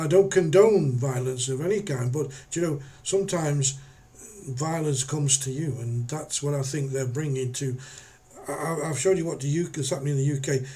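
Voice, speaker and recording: A man's voice: on the high side, warm tone. An older man giving rambling, sarcastic commentary on his vlog. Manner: rambling, sarcastic, restarts often. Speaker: vlogger.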